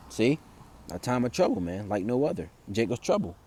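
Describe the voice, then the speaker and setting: In an informal sermon, a man reads scripture and news out loud, then explains it in halting, loose speech packed with fillers and restarts. He has a medium-pitched, warm voice with a breathy edge and big pitch swings.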